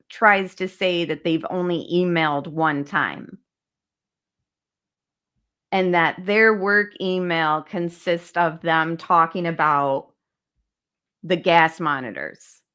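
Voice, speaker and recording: Slow, low-voiced woman hosting a chatty stream. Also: a bit bright. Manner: chatty, talks straight to viewers, reads documents aloud. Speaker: true crime channel host. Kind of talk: casual livestream case discussion.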